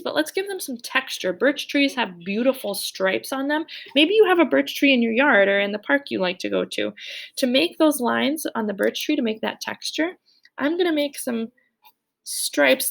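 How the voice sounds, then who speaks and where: A woman's voice: high voice, lively intonation, normal speed, creaky. A young woman leading a children's drawing lesson, cheerful and playful, speaking directly to the kids. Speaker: art teacher.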